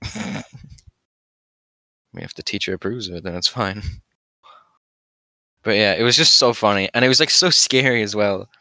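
A teenage boy with a bright, sharp voice talks loosely on a podcast, full of "like"s and offhand swearing. His voice sounds close and dry, with no room around it. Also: fairly low pitch, sing-song, normal speed, pauses often, no room sound. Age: teens. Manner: laughing, swears casually, filler-heavy. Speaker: podcast co-host. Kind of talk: casual chat.

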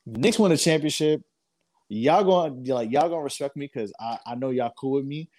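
A man's voice: medium pitch, animated, a little fast, a little mellow. A man co-hosting a podcast, boastful and hyped, swearing freely in casual banter.

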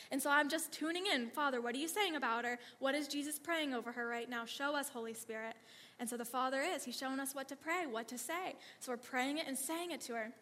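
A woman telling animated ministry stories to a church audience, laughing often and acting out the lines of the people in her stories. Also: sits high. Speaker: speaker sharing ministry stories. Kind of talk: testimony storytelling to a church audience. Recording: long reverb of a hall.

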